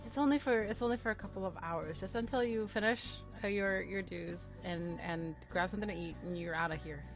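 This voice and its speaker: A woman's voice: medium pitch, a little fast, soft background music. A woman playing a tabletop game in character, talking in a brash, slangy, joking way. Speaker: player.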